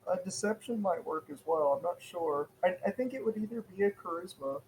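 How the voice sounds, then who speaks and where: A man player at a tabletop game, chatty and quick to laugh, weighing in on rules. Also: high voice, expressive, a little mellow. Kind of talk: casual tabletop play.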